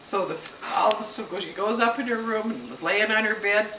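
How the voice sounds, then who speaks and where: A woman telling a story aloud to a child, expressive and stopping to ask the listener questions. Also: medium pitch, fairly quick, noisy background. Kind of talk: bedtime-style story told aloud. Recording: echoey room, distant mic.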